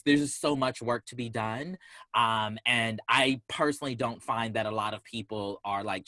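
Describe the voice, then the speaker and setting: Bright, dry-voiced man making earnest points. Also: fairly low pitch, no room sound. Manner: earnest, quick, with many restarts. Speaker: panelist. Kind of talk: casual panel discussion.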